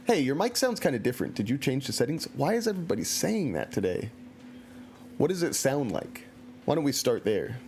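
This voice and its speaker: A man's voice: mid-range voice, big pitch swings, fairly quick, darkish tone, a little hiss or hum. A man giving casual, joking commentary while streaming a story game and reading chat aloud, into a computer mic at home.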